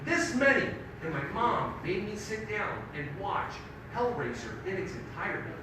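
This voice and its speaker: A middle-aged man doing a live stand-up set, telling animated, profane stories and acting out quotes. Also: sits high, moderate pace. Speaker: stand-up comedian. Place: live theater stage. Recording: echoey hall from far off, audible audience noise.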